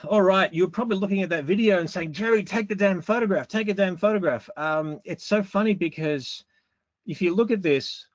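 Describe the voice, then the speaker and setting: A middle-aged Australian man giving a relaxed photography lesson, talking through how his pictures were made with some fillers. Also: on the high side, no echo, lo-fi sound. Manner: relaxed, conversational explaining with fillers. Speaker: photography instructor. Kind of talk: presentation talk with slides.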